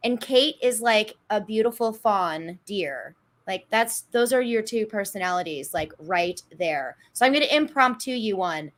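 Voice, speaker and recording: A woman's voice: medium pitch, animated, a little slow, hardly any pauses, a bit bright. A woman co-hosting a podcast who chats eagerly and laughs often while interviewing a guest. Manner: chatty and enthusiastic, laughs often. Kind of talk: casual podcast chat.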